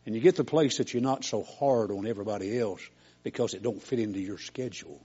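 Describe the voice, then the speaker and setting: A man's voice: fairly low pitch, quick pace, dark tone, breathy edge, dull audio. An older man preaching a sermon in a folksy, homespun storytelling way, as a preacher.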